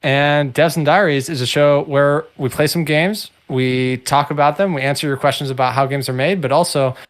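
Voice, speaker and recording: A young man co-hosting a casual livestream, joking in a dry, deadpan way. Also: a little high, moderate pace. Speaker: co-host.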